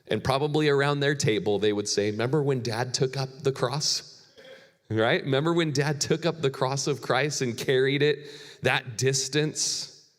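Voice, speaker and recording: A man preaching a sermon as a guest pastor, earnest and animated, slowing down for emphatic quotes. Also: mid-range voice. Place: church sanctuary. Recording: long hall reverb.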